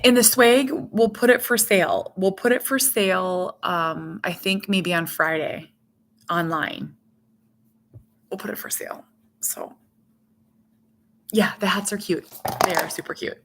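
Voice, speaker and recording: A woman's voice: mid-range voice, unhurried, fairly bright tone, a little hiss or hum. A middle-aged woman hosting a casual live stream, rambling chattily and reading out viewer comments as she goes.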